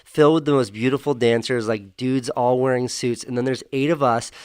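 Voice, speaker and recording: A man guesting on a podcast, speaking in a measured way with dry humor in casual chat. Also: medium pitch, fairly even intonation, clear, resonant tone, dry recording.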